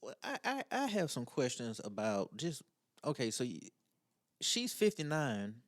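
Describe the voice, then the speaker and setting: A man's voice: mid-range voice, wildly swooping pitch, measured pace, dry recording, studio quality. A man co-hosting a casual podcast who reads a listener letter aloud and then chats bluntly in slang. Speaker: podcast co-host.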